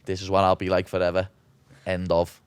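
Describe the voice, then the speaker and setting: Deep, resonant and monotone, the voice is fairly quick and clear, with no room sound. It belongs to a young Scouse fighter from Liverpool, England, chatting casually as an interview guest. He's blunt and brash, swearing freely and calling everyone "lad."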